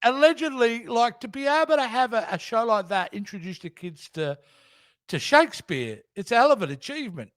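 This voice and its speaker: A man co-hosting a podcast, chatting casually with wry humor and quick laughs. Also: very high voice, lively intonation, fairly bright tone, dry recording. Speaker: podcast co-host. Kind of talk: casual chat.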